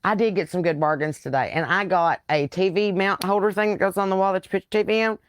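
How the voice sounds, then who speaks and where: A woman's voice: mid-range voice, fast, clear, resonant tone. Chatty Southern woman telling stories. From American South. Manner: rambling, chatty storytelling with animated quoted voices. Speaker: comedian and podcast host. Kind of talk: casual live-stream chat.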